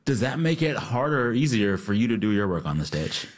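A man's voice: on the low side, very animated, a little fast. A man interviewing a stage actor in casual chat, encouraging him with frequent short agreements.

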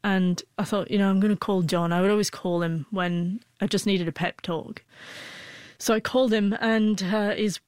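A woman's voice: medium pitch, steady tone, normal speed, darkish tone, dry recording. A woman in her forties, an interview guest who stutters, with frequent broken-off sounds and restarts as she tells a personal story.

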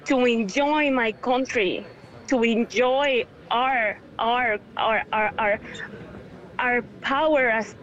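A woman's voice: fairly high pitch, a bit bright. Tearful woman on a muffled phone line. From Venezuela. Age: 30s. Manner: halting, full of restarts and repeated words. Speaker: interview guest. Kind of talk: emotional phone interview. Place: on a phone call.

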